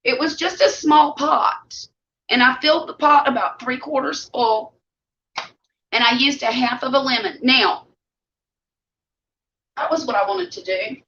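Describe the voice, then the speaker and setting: A woman's voice: sits high, unhurried, pauses often, a bit bright, a little hiss or hum. Homey Southern woman chatting while eating. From Mississippi Gulf Coast. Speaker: vlog host. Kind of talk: casual live-stream chat with viewers. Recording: dull lo-fi live stream audio.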